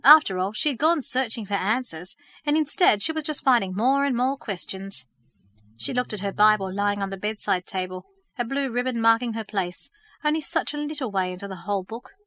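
A woman reading a story aloud in a measured, gentle storytelling manner. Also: fairly high pitch, lively intonation, no echo, clean studio sound. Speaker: narrator. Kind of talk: scripted storybook narration.

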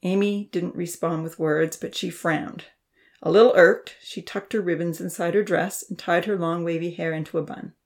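A woman's voice: fairly low pitch, moderate pace. Woman reading a children's story aloud. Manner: expressive, lively reading. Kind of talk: storybook narration.

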